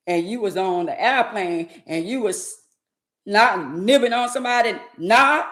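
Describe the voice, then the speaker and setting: A woman's voice: medium pitch, a bit bright, reverberant. A woman vlogger delivering an indignant, emphatic rant to her viewers, repeating her phrases for effect. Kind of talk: ranting commentary to camera.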